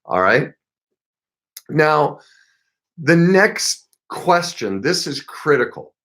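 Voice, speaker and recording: A man's voice: fairly high pitch, sing-song, very slow, a bit bright. A middle-aged man giving relationship advice as a coach, talking earnestly and with emphasis, sometimes acting out short example exchanges. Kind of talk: advice talk to camera.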